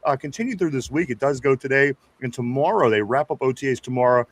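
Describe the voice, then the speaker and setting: A man's voice: mid-range voice, quick pace. A man co-hosting a live sports podcast, casually reading viewer comments aloud and chuckling. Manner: laid-back, chuckling, reads comments aloud. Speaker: podcast co-host reading chat. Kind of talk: casual live-stream chat.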